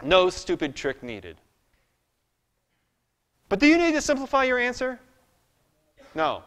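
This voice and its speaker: A man lectures on math in a casual, self-deprecating way, talking through each step aloud. His voice sits a little high. The sound carries the long reverb of a lecture hall. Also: huge pitch swings, measured pace, a bit bright. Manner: chatty, self-deprecating, thinks aloud at the board. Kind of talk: live classroom lecture.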